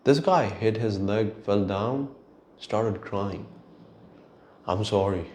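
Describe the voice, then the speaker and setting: Low-voiced man ranting slowly, exasperated. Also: darkish tone. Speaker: podcast host. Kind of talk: solo rant.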